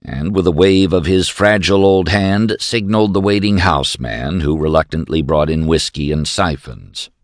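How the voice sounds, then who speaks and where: A man reading a novel aloud as narrator in a measured, expressive storytelling manner. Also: low-pitched, no echo, clean studio sound. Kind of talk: audiobook narration.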